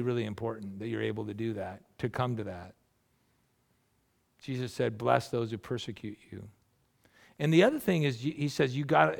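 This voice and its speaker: Gravelly-voiced male pastor preaching casually. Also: medium pitch. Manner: conversational, animated preaching with asides and acted-out quotes. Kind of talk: sermon.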